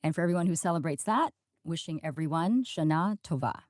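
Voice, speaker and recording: Woman co-host with a low, animated voice; playful and laughing, dry close mic. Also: a little fast, no echo. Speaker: podcast co-host. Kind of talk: scripted podcast intro and banter.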